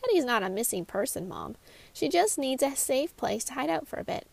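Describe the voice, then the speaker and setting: A gentle, protective mother who runs an art studio, soothing and reassuring, as a woman voices her. Her voice is a touch high with a gravelly texture, in a storybook mystery. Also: very animated, brisk, exaggerated voice.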